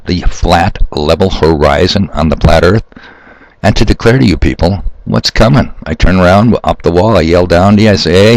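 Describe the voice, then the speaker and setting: A man's voice: low-pitched, a little mellow, dry recording, rough recording. A man hosting his own video, talking off the cuff to his viewers in a rambling, sarcastic, preachy way. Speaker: video host. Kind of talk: improvised monologue to viewers.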